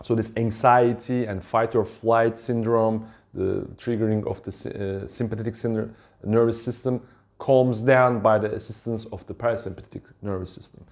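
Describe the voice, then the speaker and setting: Man, wellness teacher, calm and unhurried, frequent ums and self-corrections. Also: on the low side. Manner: calm, halting, with many ums and restarts. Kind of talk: casual instructional talk.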